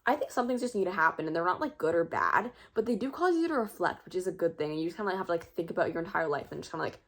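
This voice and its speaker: A woman's voice: fairly low pitch, animated, very fast, fairly bright tone. A teenage girl vlogging in a casual, rambling, self-mocking monologue full of filler words. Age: teens.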